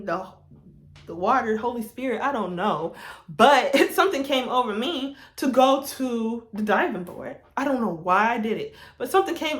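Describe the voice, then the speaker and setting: A young woman telling a casual storytime to her camera, animated and laughing through it. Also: a little high. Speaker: vlogger. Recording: roomy echo.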